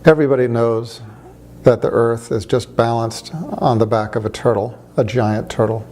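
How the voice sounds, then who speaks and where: A man's voice: medium pitch, normal speed, darkish tone, natural voice. A man quoting an opinionated old woman from a joke, in a scolding, condescending tone and close to his own voice.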